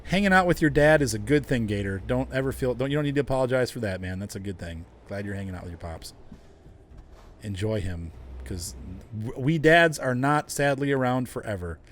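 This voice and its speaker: A man's voice: medium pitch, expressive, brisk. Man, middle-aged, casual livestream chatter, talks to viewers, faint background hum. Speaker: gaming livestream host. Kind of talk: casual livestream chat while playing.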